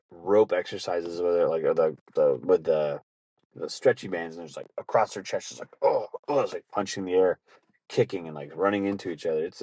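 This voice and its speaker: A man with a fairly low voice hosts a podcast, telling rambling stories in a casual way. He swears freely and laughs often at his own tales. The sound is dry, with no room echo. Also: darkish tone. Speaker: podcast host. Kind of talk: casual storytelling.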